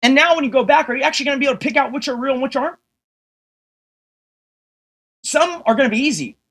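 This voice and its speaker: A man's voice: very high voice, fast talker, fairly bright tone. A man ranting to his livestream viewers, swearing heavily and firing rhetorical questions at them in an exasperated, combative way. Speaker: streamer.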